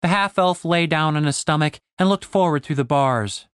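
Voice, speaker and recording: A man's voice: a little high, moderate pace, a bit bright, clear, resonant tone, dry recording, clean studio sound. Man narrating a fantasy audiobook.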